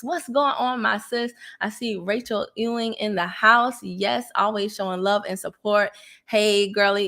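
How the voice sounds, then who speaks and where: A woman hosting a casual livestream, chatty and laughing often as she greets viewers. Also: mid-range voice. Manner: chatty, gives shout-outs, laughs often. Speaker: livestream host.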